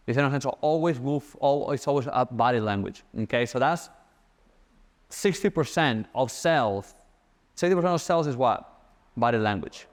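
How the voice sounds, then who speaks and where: A young man giving a casual sales-coaching talk, fast and animated, repeating his key points. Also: medium pitch.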